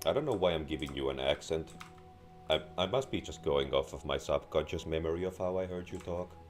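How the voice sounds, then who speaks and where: A young man with a sore throat and a deep, raspy voice, giving deadpan gameplay commentary. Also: brisk. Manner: deadpan, crude jokes. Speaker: gamer. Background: faint game music and keyboard typing.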